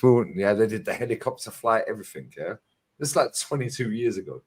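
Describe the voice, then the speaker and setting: A London man hosting a stream on a video call, chatting casually in quick slang with laughter and swearing. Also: fairly low pitch, animated, slightly rough. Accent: London English. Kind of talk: casual chat.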